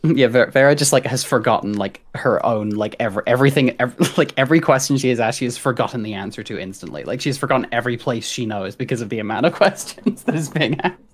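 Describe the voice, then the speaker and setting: A tabletop game player chimes in with wry, stammering asides. The pitch swings lively from line to line. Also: quick pace, hardly any pauses.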